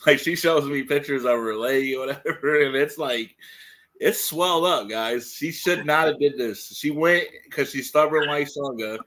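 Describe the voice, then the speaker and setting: A man's voice: fairly high pitch, moderate pace, a bit bright. Casual male co-host, rambling, filler-heavy talk. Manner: rambling, filler-heavy, says "like" and "dude" often. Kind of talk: casual livestream chat.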